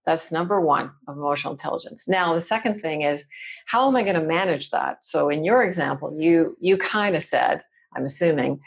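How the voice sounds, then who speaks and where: Woman, low husky voice, podcast guest coaching on workplace skills, animated. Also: brisk. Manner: animated, acts out example phrases. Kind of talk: conversational teaching.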